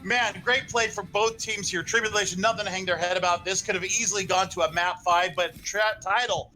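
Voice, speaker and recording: A man giving live esports color commentary over an online call, out of breath, excitable and gushing with many fillers. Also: sits high, a little fast, few pauses, faint music behind, poor audio.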